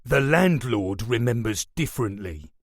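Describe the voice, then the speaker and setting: A man voicing a stern, menacing police superintendent who talks in a measured, remorseless way. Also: mid-range voice, animated, dry recording, clean studio sound, natural voice. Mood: cold.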